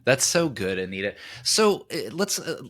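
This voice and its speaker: A man's voice: medium pitch, big pitch swings, moderate pace, a bit bright, dry recording. A male podcast host in casual interview chat, who often restarts his sentences and speaks with enthusiasm. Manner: enthusiastic, repeats words when starting sentences.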